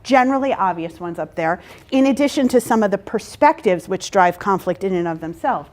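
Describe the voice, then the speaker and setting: Animated woman leading a workshop. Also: mid-range voice, brisk. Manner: animated, checks in with rhetorical "right?" and "okay?". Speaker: workshop facilitator. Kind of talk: interactive workshop talk.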